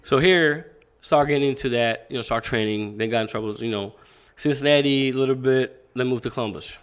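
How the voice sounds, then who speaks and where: Young male fight coach, candid and foul-mouthed, animated storyteller who acts out every exchange, medium pitch. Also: brisk, smooth. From Pakistan. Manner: profane, animated, acts out quoted dialogue. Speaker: boxing coach, podcast guest.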